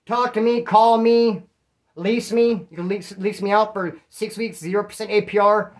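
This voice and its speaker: A man's voice: high voice, steady tone, moderate pace. A middle-aged man from California, hosting his own channel and telling prison stories in a rambling, profane, self-mocking monologue to his viewers. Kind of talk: casual storytelling monologue.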